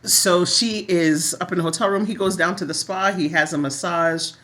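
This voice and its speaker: A middle-aged woman co-hosting a casual soap recap chat, animated and laughing often. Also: normal speed. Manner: animated, laughs often, rises high when amused. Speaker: podcast co-host.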